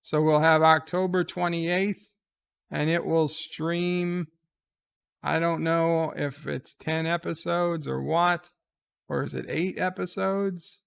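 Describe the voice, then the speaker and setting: A man's voice: fairly high pitch, steady tone, slow pace, creaky, clean tone. A man giving casual reaction commentary on a trailer, sarcastic and exasperated as he gripes. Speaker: trailer reviewer.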